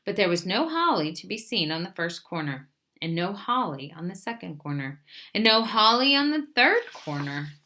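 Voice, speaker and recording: Expressive woman reading a children's story. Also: mid-range voice, normal speed. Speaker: librarian. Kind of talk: children's story read-aloud.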